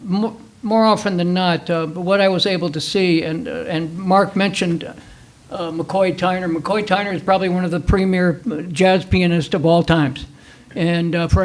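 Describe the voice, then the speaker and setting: A man's voice: high voice, low-quality recording. An older man on a panel, rambling through memories of concerts with many fillers. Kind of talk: casual storytelling on a panel. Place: museum talk before a small audience.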